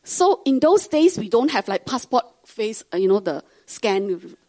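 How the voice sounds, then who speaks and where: A woman's voice: on the high side, big pitch swings, unhurried, mellow. A woman from Singapore with a Singaporean English accent, a pastor's wife telling her testimony to a congregation and acting out the people she quotes.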